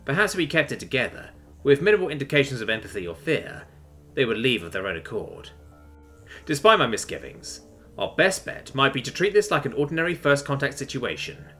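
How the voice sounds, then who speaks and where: A man's voice: medium pitch, very animated, fairly quick, pushed and bright, faint music behind. Man narrating a tense sci-fi story.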